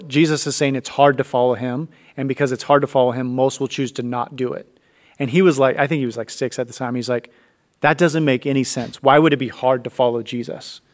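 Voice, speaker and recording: Animated storytelling dad. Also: male voice, medium pitch. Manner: animated storyteller acting out dialogue. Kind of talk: storytelling in a faith conversation.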